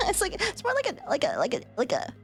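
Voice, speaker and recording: A young woman streaming a game in casual chat, laughing constantly and swearing freely. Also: extremely high pitch. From United States.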